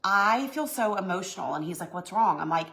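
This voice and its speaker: A woman's voice: medium pitch, animated, a little fast, sharp tone. A woman chatting on a live stream, emotional and effusive, thanking viewers and reading their comments. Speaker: home goods brand owner hosting a live stream. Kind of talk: casual live stream chat while signing.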